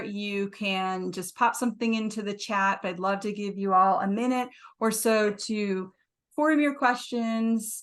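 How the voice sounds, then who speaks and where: A woman hosts a webinar over a video call. She talks in a chatty, easy way and fills pauses with agreeing murmurs. Her pitch sits in a middle range for a woman. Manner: chatty, warmly agreeing with many "mm-hmm"s. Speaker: webinar host. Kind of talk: webinar discussion.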